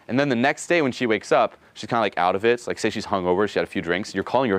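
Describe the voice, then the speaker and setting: A man coaching a group at a rapid clip, casual and profane, checking in with "okay?" every few lines. He slips into acted bits of dialogue while he explains. The sound is dry and close, with no room echo. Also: lowish voice. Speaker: dating coach.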